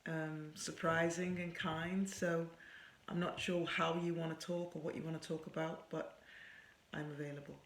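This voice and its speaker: A woman's voice: low-pitched, flat delivery, moderate pace, slight background noise. A middle-aged woman with a Liverpool Scouse accent, chatting playfully and teasing as the guest on a video interview. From Liverpool, England. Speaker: guest author. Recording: echoey room.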